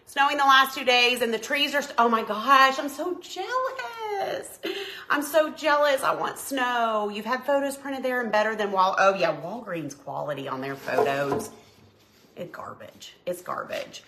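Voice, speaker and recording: A woman's voice: medium pitch, sharp tone, a little hiss or hum. A woman in her forties with a Tennessee accent, hosting a craft live stream and chatting folksily as she reads out viewer comments. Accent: Southern US, Tennessee. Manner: chatty and folksy, with lots of filler words. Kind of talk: casual chat reading live comments.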